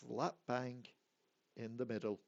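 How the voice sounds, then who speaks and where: A man runs a tabletop game, his voice sitting at an ordinary middle pitch. He describes the scene in a relaxed, easygoing way. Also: a little slow, creaky, dull audio, noisy background. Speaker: game master.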